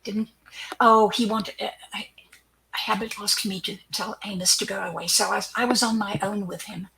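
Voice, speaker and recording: An older woman with a bright, crisp voice recounts a personal story as an interview guest. She tells it with animation, acts out the dialogue she quotes, and lowers her voice to a near-whisper for asides. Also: steady tone, normal speed, slight background noise, rough recording.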